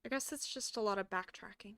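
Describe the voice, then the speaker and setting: A woman's voice: mid-range voice, quick pace, a bit bright, no room sound. A woman streaming a horror game, casually chatting and reading on-screen text aloud, with the odd curse. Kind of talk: casual gameplay commentary.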